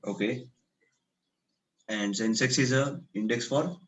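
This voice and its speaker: A man's voice: lowish voice, slow pace, fairly bright tone, rough recording. A man with an Indian English accent giving a classroom lecture, questioning students and explaining step by step while slipping into Hindi.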